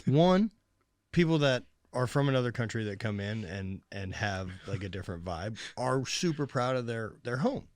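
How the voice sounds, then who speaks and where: A man's voice: medium pitch, expressive, normal speed, no echo, clean studio sound. A man from the United States hosting a podcast, chatting casually with a joking, profane and emphatic manner. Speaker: podcast host. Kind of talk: casual chat.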